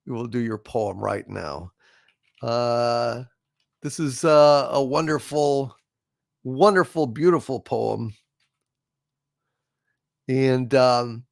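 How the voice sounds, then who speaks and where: A man's voice: medium pitch, gravelly, no room sound, studio quality. A man hosting a casual livestream, reading out viewer messages and chatting in a rambling way with lots of fillers and restarts. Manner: slow, soft poetry reading. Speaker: livestream host. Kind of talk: casual livestream chat reading super chats.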